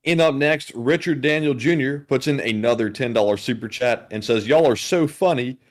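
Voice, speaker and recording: A man co-hosting a live stream, reading viewer messages in a deliberate way while adding inflection to avoid monotone. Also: medium pitch.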